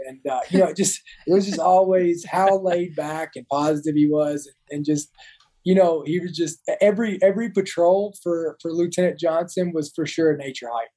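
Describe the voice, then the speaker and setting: Rambling man, mellow voice. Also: a little high, moderate pace, low-quality recording. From Kentucky. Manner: rambling, many restarts and fillers. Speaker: guest, Marine veteran. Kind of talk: casual storytelling interview.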